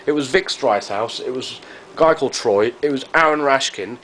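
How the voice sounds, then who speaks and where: A man's voice: mid-range voice, moderate pace, fairly bright tone. Brief: man, vlogger, loose and gushing, circles back on his own sentences, faint background noise. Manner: rambling, effusive, repeats himself. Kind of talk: casual chat to camera.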